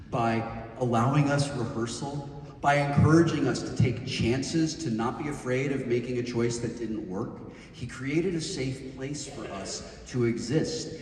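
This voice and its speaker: A man on stage giving earnest, forceful remarks, with a wry edge. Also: medium pitch, slight background noise. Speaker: panel guest. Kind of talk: onstage panel remarks. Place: large hall on stage. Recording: very echoey hall from far off.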